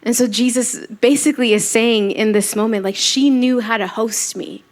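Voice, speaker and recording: A woman delivers a church sermon in an easy, conversational way. Her voice sits a little high, and she brings the quoted lines to life as she tells the story. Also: normal speed. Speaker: preacher.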